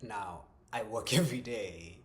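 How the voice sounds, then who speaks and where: A man talking through a personal creative journal in a reflective vlog, hesitant, with many ums, restarts and soft chuckles. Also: fairly low pitch, unhurried, a little hiss or hum. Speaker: vlogger.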